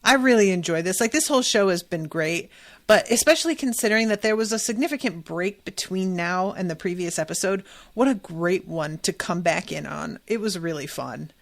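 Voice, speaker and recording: A woman in her thirties hosting a solo podcast, recapping a TV episode in chatty, animated storytelling with some swearing. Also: lowish voice, a little fast. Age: 30s. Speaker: podcast host.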